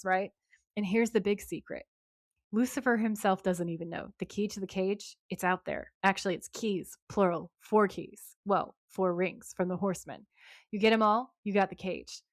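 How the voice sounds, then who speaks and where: A smug, flippant male archangel, as a woman reads him out. The sarcastic lines come in an everyday mid-pitched voice, recorded close and dry with no room sound. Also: no echo, close to an everyday voice. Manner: breezy, sarcastic recounting of lines.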